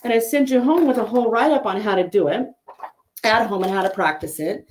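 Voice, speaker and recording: A middle-aged woman, a psychic medium, chatting casually and telling a story in an animated, lively way. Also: brisk, a little hiss or hum. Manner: chatty storyteller, animated with pitch jumps on quoted lines. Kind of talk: casual chat.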